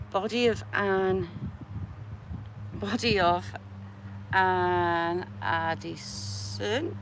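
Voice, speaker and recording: A woman rambles slowly and cheerfully through a churchyard on a walking vlog, reading gravestones aloud and joking as she goes. Her pitch sits in an ordinary middle range, and a faint outdoor hum runs underneath. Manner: chatty and playful, jokingly greeting the graves. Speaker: vlogger giving a walking tour. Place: outdoors in a churchyard among trees.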